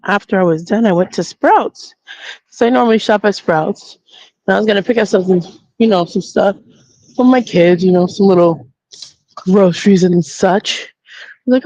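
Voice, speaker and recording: A woman's voice: mid-range voice, lively intonation, moderate pace, warm tone, dry recording. Casual female vlogger, outdoors on foot, chatty storyteller who acts out the voices; mid-range voice, dry and slightly muffled audio. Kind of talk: casual spoken vlog. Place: outdoors, walking. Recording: dull lo-fi audio.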